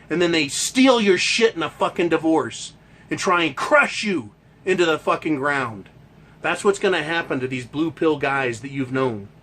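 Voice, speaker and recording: Guy ranting hard, swears a lot, kinda high voice, really emphatic. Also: lively intonation, normal speed, fairly bright tone. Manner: profane, emphatic and heated. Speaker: host. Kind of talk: ranting monologue.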